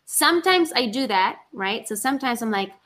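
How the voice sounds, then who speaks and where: Woman, actress, chatty and animated, voice sitting a bit high. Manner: animated, talks in rushes, acts out her inner voice. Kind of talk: casual conversation.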